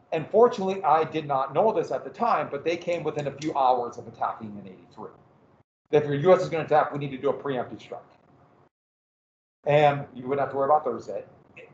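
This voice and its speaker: A man giving a history lecture in a lively, conversational way with joking asides. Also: a little high. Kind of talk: classroom lecture. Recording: echoey room, dull lo-fi sound.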